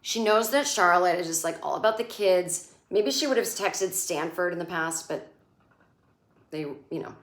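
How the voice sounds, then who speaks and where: A woman's voice: fairly low pitch, moderate pace. A woman comedian recapping a TV episode in a chatty, sarcastic way, swearing freely and acting out the characters' lines. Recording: echoey room.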